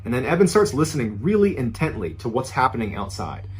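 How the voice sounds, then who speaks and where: A man narrating a true spooky story in a suspenseful storytelling style, dropping to a hushed, low voice at the tense moments. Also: very animated, fast. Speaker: podcast storyteller.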